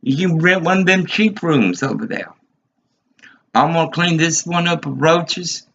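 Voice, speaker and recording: A husky, gravelly man in his fifties rants in a rambling recorded monologue, slow and agitated, his voice pitched a little high for a man. The dull lo-fi recording flattens it. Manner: agitated, ranting, repeats himself.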